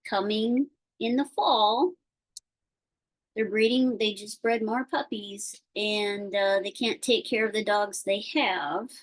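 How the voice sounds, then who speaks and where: A woman talks slowly and a little high over a video call connection. Her speech wanders and stalls on fillers and restarts as she tells her story in casual chat. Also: poor audio. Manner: rambling, halting, with many fillers. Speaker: participant sharing a concern.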